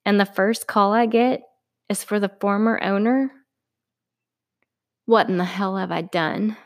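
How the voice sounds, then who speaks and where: A woman's voice: mid-range voice, unhurried, pauses often. A woman, author and narrator reading her own story in a friendly, chatty way.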